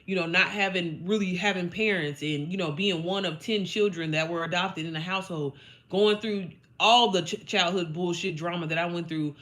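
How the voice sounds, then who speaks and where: A young woman from Indiana, an online business coach, gives her followers a blunt, profane, emphatic pep talk that's chatty and packed with fillers. Her voice is lowish and fairly bright, moving at a normal speed.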